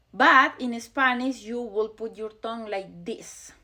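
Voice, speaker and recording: Woman teaching how to say r sounds, bright voice, talks real slow. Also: fairly high pitch. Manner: demonstrates sounds slowly, repeating them. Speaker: language teacher. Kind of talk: pronunciation lesson.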